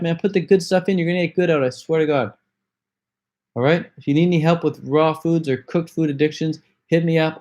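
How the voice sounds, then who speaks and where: Man, livestream host, casual Q&A, slangy, laid-back, warm low timbre.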